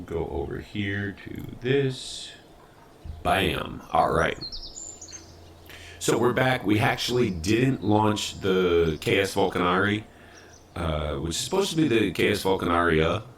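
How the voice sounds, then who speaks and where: A man's voice: sits low, fairly bright tone, a little hiss or hum. A young man streaming a game live, chatting casually and interrupting himself while he fixes his audio.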